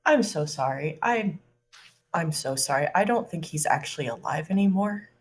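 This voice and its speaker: A woman voicing a nervous, apologetic young woman in a tabletop game, speaking haltingly and softly. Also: mid-range voice, big pitch swings.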